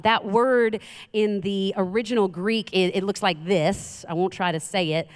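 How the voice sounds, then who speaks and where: A woman in her thirties giving a conversational sermon as a pastor, often asking the audience questions. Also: fairly low pitch. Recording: reverberant hall.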